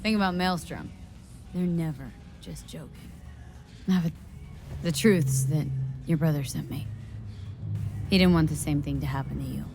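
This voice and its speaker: An actress playing a tough, wry mercenary who talks in a blunt, clipped, sardonic way, in game dialogue. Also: female voice, low-pitched, normal speed, creaky, long pauses. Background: music.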